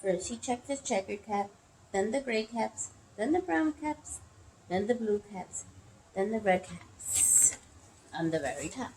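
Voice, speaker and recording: A young adult woman reading a picture book aloud to children, expressive and gasping at story moments. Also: mid-range voice, unhurried, slight background noise, low-quality recording.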